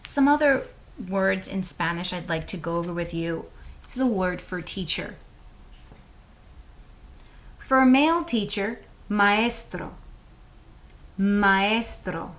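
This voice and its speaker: A woman leads a children's Spanish lesson at a slow, deliberate pace. Her voice sits in a middle range for a woman. She models each word carefully and has the class repeat it back. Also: mid-range voice, animated. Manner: models words slowly and asks the class to repeat. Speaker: Spanish teacher.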